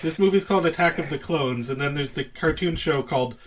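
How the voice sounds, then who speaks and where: A man's voice: fairly high pitch, fairly quick, slight background noise. A man hosting a podcast in casual chat, laughing easily and working through thoughtful, rambling points.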